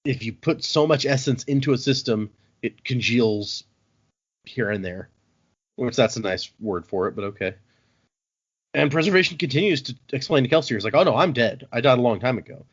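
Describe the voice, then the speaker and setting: A man's voice: mid-range voice, normal speed, breathy edge. Casual man recapping a book. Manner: animated, acts out characters' lines. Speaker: podcast host. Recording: dull lo-fi audio.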